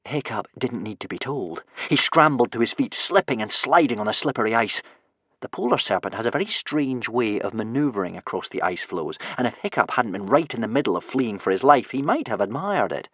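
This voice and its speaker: A man reading a children's adventure audiobook with expressive storytelling. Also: mid-range voice, fairly quick, no echo, clean studio sound. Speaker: audiobook narrator. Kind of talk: scripted narration.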